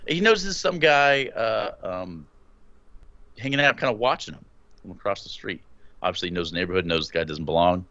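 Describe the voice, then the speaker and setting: A man co-hosting a horror movie podcast, talking in an animated, swearing, laughing way. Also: deep voice, fairly quick, no room sound, highs cut off. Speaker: podcast co-host. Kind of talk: casual movie review chat.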